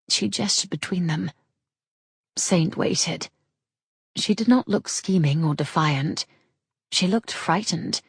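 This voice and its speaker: Audiobook reader: woman, low pitch, husky tone, dry close studio sound. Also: slow, pauses often, no room sound. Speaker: audiobook narrator. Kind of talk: scripted romance narration.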